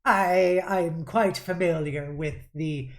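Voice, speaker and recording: A woman voicing a smooth, menacing male pirate captain who speaks with cold courtesy. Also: lowish voice, takes it slowly. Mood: sly. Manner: courtly, drawling, coldly polite.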